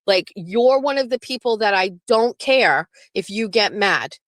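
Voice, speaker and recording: A woman's voice: mid-range voice, animated, measured pace, no echo. Blunt profane woman livestream host. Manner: blunt, profane, talks back to chat. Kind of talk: casual live-stream chat with viewers.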